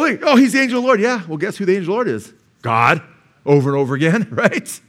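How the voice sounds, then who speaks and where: A pastor preaching a Bible teaching to his congregation, emphatic and full of rhetorical questions. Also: a little high. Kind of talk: sermon. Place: church.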